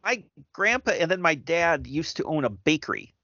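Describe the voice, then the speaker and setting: Middle-aged man, casual chat, halting restarts, bright tone, dry dead sound. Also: on the high side, very animated, dry recording, muffled recording. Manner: halting, reflective, many restarts.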